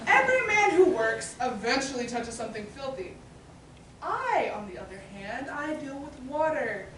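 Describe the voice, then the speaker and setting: A brash, hustling street performer in a stage play. She has a sly, wheedling sales patter in a high voice. The sound comes from a distance in a very echoey hall with faint background noise. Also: sing-song, normal speed, a bit bright. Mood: proud.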